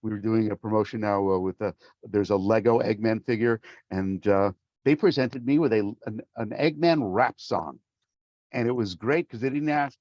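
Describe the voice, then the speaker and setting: A middle-aged man, a voice actor, chatting in an interview with an animated, theatrical way of telling stories. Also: on the low side, normal speed, no echo, lo-fi sound. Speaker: voice actor, guest. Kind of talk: casual interview talk.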